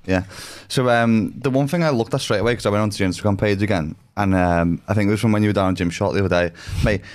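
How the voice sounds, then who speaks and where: A man's voice: lowish voice, quick pace. A man co-hosting a podcast, teasing his guest with cheeky banter and casual swearing. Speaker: podcast co-host. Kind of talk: casual chat.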